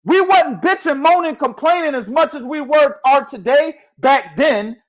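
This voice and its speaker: Animated, high-voiced man ranting about boxing. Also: moderate pace. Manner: animated, loud, slangy, swings between mumbling and shouting. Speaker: host of a boxing talk show. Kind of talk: casual boxing chat with heavy profanity.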